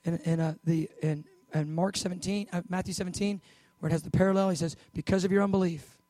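Animated high-voiced preacher. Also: male voice, quick pace, no room sound, low-quality recording. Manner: animated preacher acting out Bible scenes, loud bursts then hushed. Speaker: pastor. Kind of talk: sermon.

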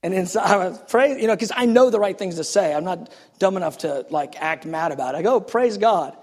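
A man preaching a sermon, telling a personal story in an animated, self-deprecating way. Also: sits high, fast talker. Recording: echoey hall reverb.

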